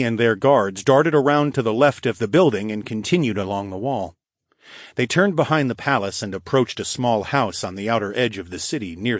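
A man reading a fantasy audiobook in first person, evenly and clearly. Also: mid-range voice, no echo, studio quality. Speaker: audiobook narrator. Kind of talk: scripted first-person narration.

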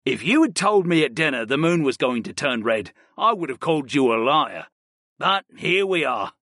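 A man voicing a tall, ox-like young male summoner, relaxed and chuckling. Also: on the high side, moderate pace, dry recording, studio quality. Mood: easygoing. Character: huge, ox-like young male summoner, easygoing and tired.

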